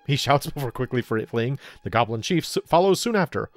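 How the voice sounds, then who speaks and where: A man's voice: medium pitch, lively intonation, fairly quick, hardly any pauses, faint music behind. A man hosting a let's play, reading the game's story aloud with playful, laughing asides. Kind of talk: reading game text aloud with commentary.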